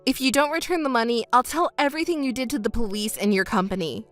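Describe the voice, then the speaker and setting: A woman's voice: fairly high pitch, fast talker, faint music behind. A woman as a scornful betrayed wife. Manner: scornful, sharp, mocking. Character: betrayed wife, adult woman, cold and cutting. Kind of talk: scripted texting-story reading.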